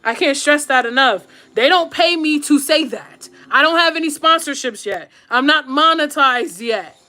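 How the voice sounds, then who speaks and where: A YouTube streamer and podcaster with a high voice gives her viewers casual, blunt advice while doing her makeup. She speaks at a moderate pace with lively intonation and a sharp tone, using slang, talking straight to the audience, and repeating points for emphasis.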